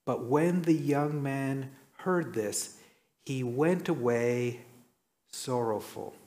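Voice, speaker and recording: A man preaching a sermon, telling stories and acting out quoted lines with sudden jumps in pitch. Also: slow pace, a little mellow. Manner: storytelling, acts out quotes with dramatic pitch jumps.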